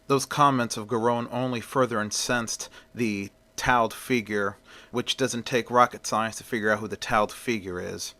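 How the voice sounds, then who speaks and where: A man's voice: medium pitch, fairly even intonation, moderate pace, sharp tone. Man casually retelling a story. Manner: plain, conversational retelling.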